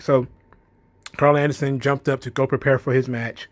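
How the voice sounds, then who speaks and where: A man's voice: medium pitch, flat delivery, brisk. A man giving a loose, rambling casual recap, filling his talk with "you know" and "kinda". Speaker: wrestling show reviewer.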